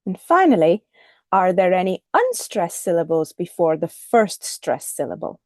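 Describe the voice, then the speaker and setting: Lively teacherly woman with a mellow voice. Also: on the low side, no echo, studio quality. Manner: clear, deliberate teacherly delivery, modelling intonation on example phrases. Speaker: English teacher. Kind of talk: recorded phonetics lesson.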